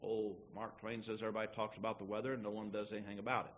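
A man's voice: on the low side, level tone, racing, highs cut off, slight background noise. A man preaching a folksy sermon to his church, acting out little everyday dialogues as he teaches. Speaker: pastor.

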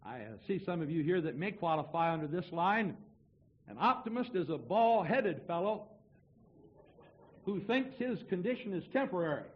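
A male evangelist with a fairly high, husky voice delivers a folksy sermon, spinning wry anecdotes and one-liners for his congregation. The recording is a little dull and muffled. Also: big pitch swings, moderate pace. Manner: storytelling, wry and joking. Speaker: preacher evangelist. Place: church before a congregation.

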